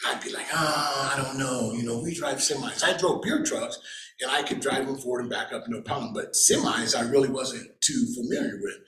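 A man's voice: mid-range voice, fairly quick, fairly bright tone. Man telling his story in a roomy space. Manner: casual, chuckles, acts out quoted people. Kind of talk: personal faith testimony, storytelling. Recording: roomy echo.

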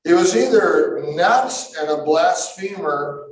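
A man preaching a sermon to a live audience, emphatic and bursting into shouts, with musing asides. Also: fairly high pitch, lively intonation, takes it slowly. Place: large room with a live audience. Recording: echoey hall, mic far off.

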